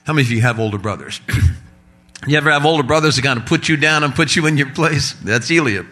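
Male pastor, bright, forward voice, animated storytelling sermon. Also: on the high side, fast, faint music behind. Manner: animated storytelling with humorous asides.

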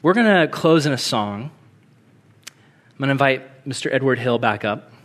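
A man preaching a sermon as pastor, earnest and conversational, swelling to emphasis and dropping to a hush in prayer. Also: medium pitch, animated, normal speed.

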